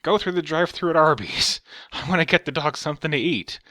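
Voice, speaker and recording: A man mimicking a rich, paranoid, entitled old woman who dotes on her dog, in a shrill and demanding manner. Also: fairly quick, bright, forceful tone, dry recording, studio quality.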